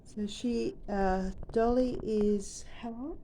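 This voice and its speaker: Aussie lady baby-talking her parrot, slow and warm, bit higher voice. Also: steady tone, slight background noise. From Australia. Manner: sing-song baby talk to her parrot. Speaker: pet owner. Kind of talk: casual chat to a pet bird.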